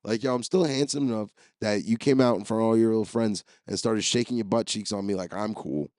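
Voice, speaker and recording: A man's voice: fairly low pitch, fairly quick, darkish tone, dry recording, studio quality. A man hosting a podcast, telling rambling, profane, jokey stories as a comedic solo monologue. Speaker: podcast host.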